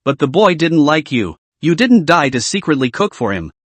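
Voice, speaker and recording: A man voicing a calm, confident young female fortune-teller, speaking lightly and matter-of-factly. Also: a little high, no room sound. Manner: light, unhurried, matter-of-fact.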